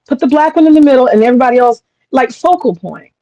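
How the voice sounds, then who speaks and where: A woman delivers a casual monologue as a commentator, blunt and profane. Her voice sits a little high, and she slips into quick impressions of other people. The recording is dry and close, with no room sound. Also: dry recording, highs cut off.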